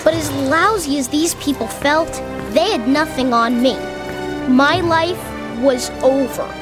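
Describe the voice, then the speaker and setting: A woman voices an overdramatic schoolboy in a radio drama, gloomily narrating his doom in a high voice. Loud music plays right under the voice. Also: a little slow. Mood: gloomy. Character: anxious schoolboy, dramatic and self-pitying.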